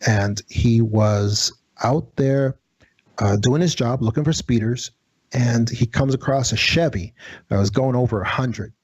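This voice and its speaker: A man, a radio show guest, telling an eerie true-life story in a halting, dramatic way. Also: medium pitch, husky, no room sound, dull audio. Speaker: guest, former federal agent.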